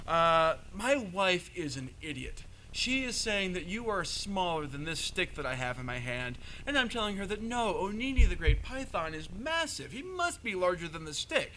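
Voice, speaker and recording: A cunning trickster spider, voiced by a man, who sweet-talks his prey and then crows over them. The voice rides high and bright, with a teasing, mocking edge. It is told live, as part of a storytelling. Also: big pitch swings, slight background noise, exaggerated voice, poor audio. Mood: pleading. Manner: wheedling then mocking, quick bursts of high pitch. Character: sly trickster spider man, gloating and scheming.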